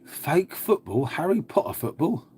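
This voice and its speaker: A man's voice: on the high side, big pitch swings, a little slow, a little mellow, breathy edge. An English man chatting casually on a live stream, answering viewer comments in a laid-back way and calling everyone mate.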